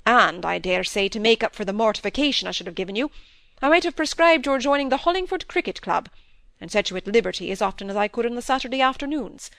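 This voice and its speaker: A woman's voice: on the high side, big pitch swings, quick pace, gravelly, fairly bright tone, dry recording, heavily acted. Wry middle-aged country doctor in a storybook, sternly lecturing, dry close sound, read by a woman.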